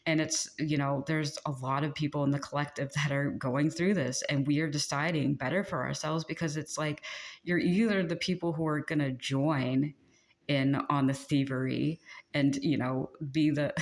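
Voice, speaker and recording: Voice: medium pitch, normal speed. A host giving a casual channeled spiritual pep talk, chatty and rambling, laughing often and venting frustration. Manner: chatty and rambling, with many fillers and frequent laughs; exasperated and venting.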